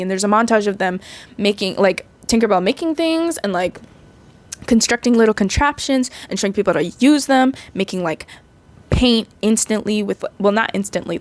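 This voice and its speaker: A woman in her twenties recapping a movie in a rambling, chatty way, full of fillers. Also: medium pitch. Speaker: vlogger.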